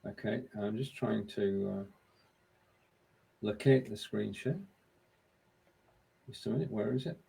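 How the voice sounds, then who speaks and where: Gravelly, husky man hosting a quiz. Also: lowish voice, a little slow, pauses often, warm tone. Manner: fiddles with screen sharing while talking. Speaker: co-host running the quiz. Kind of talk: casual live-stream chat.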